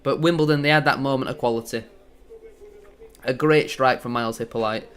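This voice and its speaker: An excitable man giving gloating, bantering live commentary as a football fan on a match watchalong stream. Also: medium pitch, a little fast.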